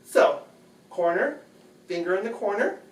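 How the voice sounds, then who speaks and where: A man's voice: sits high, lively intonation, a little slow. Man explaining chores in an echoey room. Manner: chatty, patient, repeats phrases. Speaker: home video host. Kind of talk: casual how-to demonstration. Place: bedroom at home. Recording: echoey room, distant mic.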